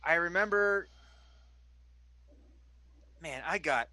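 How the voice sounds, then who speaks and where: Guy playing a cocky hungover barfly, slangy, mumbly, bright voice, dry sound. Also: fairly high pitch, slow pace, no room sound, pitched above the performer's own voice, heavily acted. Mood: evasive. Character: hungover young male thug, cocky barfly.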